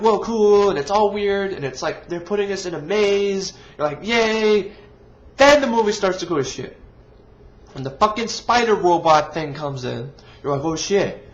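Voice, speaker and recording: Man, movie review rant, profane, exasperated, muffled lo-fi sound. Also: high voice. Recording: dull lo-fi recording.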